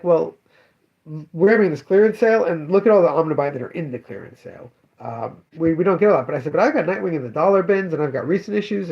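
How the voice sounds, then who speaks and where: Rambling shop owner, lo-fi sound. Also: male voice, fairly high pitch, darkish tone. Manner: rambling anecdotes with many fillers and self-corrections. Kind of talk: casual spoken daily update.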